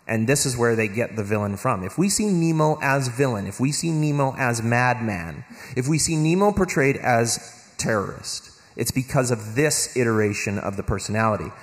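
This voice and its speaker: Man lecturing in a reverberant hall. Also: mid-range voice. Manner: animated, acts out quoted voices, many restarts. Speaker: guest of honour speaker. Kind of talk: convention talk. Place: convention hall.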